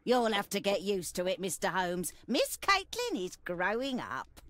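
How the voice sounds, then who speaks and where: An actress voicing a calm, knowing older housekeeper who chides gently. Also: female voice, medium pitch, unhurried, no echo. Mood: chiding.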